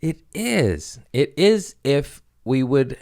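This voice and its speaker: A man's voice: mid-range voice, very animated, slow pace, gravelly, darkish tone. A young adult man hosting a comedy podcast, rambling through crude jokes and laughing at himself. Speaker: podcast host. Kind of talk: casual comedic monologue.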